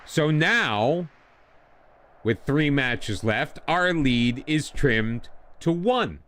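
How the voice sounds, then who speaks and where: A man's voice: a little high, lively intonation, drawn-out words, a bit bright. A man commenting casually on his own game as he plays, getting frustrated and talking back to it. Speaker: gaming channel host.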